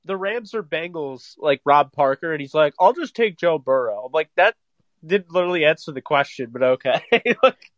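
A man's voice: fairly high pitch, expressive, fairly bright tone, no echo. Joking male podcast co-host. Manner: quick joking banter, laughs. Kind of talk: casual sports chat. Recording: dry, dull lo-fi audio.

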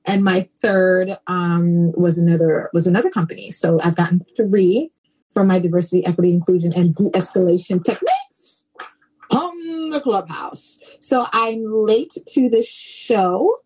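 Brief: playful woman guest in her forties, husky, low-pitched, animated. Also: moderate pace, poor audio. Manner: playful, animated, jumps into high exclamations. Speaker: guest diversity consultant. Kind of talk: casual podcast chat. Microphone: call-in app.

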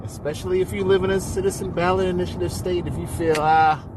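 A man phones in to a talk show and makes his case in an earnest, persuasive way. His voice sits a little high. Clear noise from the outdoors and traffic runs under his voice. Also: flat delivery, quick pace. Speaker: caller. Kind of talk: casual call-in chat.

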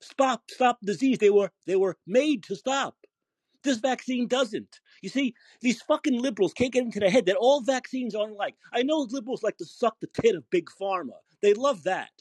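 A man's voice: high-pitched, expressive, moderate pace, darkish tone, husky, no room sound. A man hosting a call-in podcast, ranting angrily and swearing heavily. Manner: profane, ranting, emphatic. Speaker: podcast host. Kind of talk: angry call-in show rant.

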